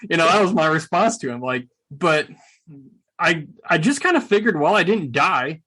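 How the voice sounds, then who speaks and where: A middle-aged man, a veteran guest in an interview, telling stories in a casual, animated, joking way with a sarcastic streak. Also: on the high side, normal speed, husky. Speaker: guest, combat veteran and speaker.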